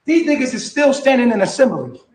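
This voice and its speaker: Agitated high-voiced man in an echoey clip. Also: sing-song, brisk, a little mellow. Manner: agitated, repeats "bro", slangy. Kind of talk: heated venting to the camera.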